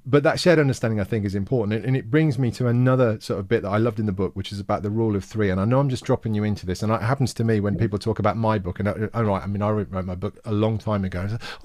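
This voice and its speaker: A low-voiced man hosts a livestream interview, recorded dry and close with little room sound. He feels his way through his questions in a reflective, searching way. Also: racing, hardly any pauses, darkish tone, no room sound. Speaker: host.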